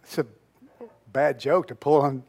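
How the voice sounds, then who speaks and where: A male pastor telling stories in a conversational sermon, moving between loud emphasis and soft, almost whispered moments. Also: medium pitch, fairly even intonation, unhurried. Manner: conversational storytelling, swings from loud emphasis to hushed near-whisper.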